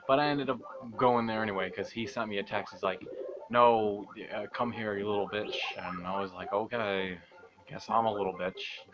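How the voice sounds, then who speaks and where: A young man telling a long story as he plays a video game, rambling, swearing and mocking himself, speaking softly because it is late at night. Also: on the low side. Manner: rambling, profane, self-mocking, laughs often. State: talking quietly at night. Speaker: gaming channel host. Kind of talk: casual storytelling over gameplay.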